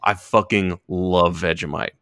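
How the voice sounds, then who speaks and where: A man's voice: sits low, fairly even intonation, a little slow, a bit bright. A man in his thirties, raised partly in Australia, chatting casually on a podcast, laid-back and often swearing. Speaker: podcast host. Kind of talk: casual chat.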